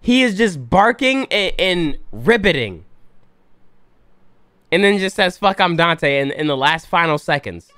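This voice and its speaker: A man's voice: high voice, big pitch swings, measured pace, pauses often, a bit bright, clear, resonant tone, no echo. A man doing casual reaction commentary, incredulous and stumbling over his restarts. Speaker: reaction streamer.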